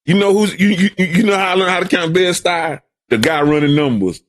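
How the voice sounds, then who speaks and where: A man's voice: high-pitched, fairly quick. An older man from Brooklyn, a podcast guest telling stories in casual talk, often repeating words and putting on voices for the people he quotes. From Brooklyn, New York. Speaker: guest, host's father. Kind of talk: storytelling in casual conversation.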